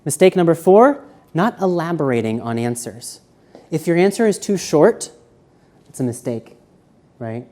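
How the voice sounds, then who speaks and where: A man giving a live seminar lecture, walking around and shifting between quiet, slow speech and loud emphasis. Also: mid-range voice, animated. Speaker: seminar presenter. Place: university seminar room.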